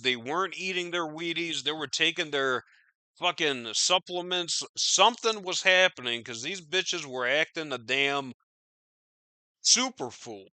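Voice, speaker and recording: On a casual news commentary podcast, the male host rambles, swears and reacts with disbelief to stories. The dry recording carries his fairly high, bright, forceful voice.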